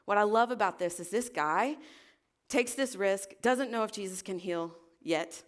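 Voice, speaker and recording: A woman preaches a relaxed, conversational sermon to her congregation. She is chatty and self-deprecating and tosses questions out to the room as she goes. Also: medium pitch, normal speed. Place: church service.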